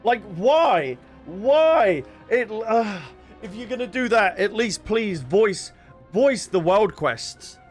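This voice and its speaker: A young man commentating his own gameplay in a high-pitched, excitable voice. He rambles and restarts sentences, with faint music playing beneath him. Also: slow. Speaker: gaming streamer.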